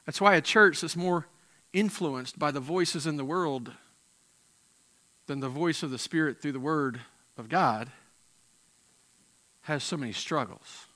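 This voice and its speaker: A man preaching a sermon with passion, swinging from loud emphatic peaks to quiet, intense moments and often repeating words as he restarts phrases. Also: a little high, measured pace, long pauses. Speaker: pastor.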